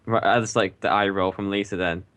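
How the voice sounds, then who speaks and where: A man's voice: low-pitched, fairly even intonation, brisk, fairly bright tone, smooth. A man playing a tabletop role-playing game, rambling and stopping to rethink. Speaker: player. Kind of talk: casual tabletop role-play chat.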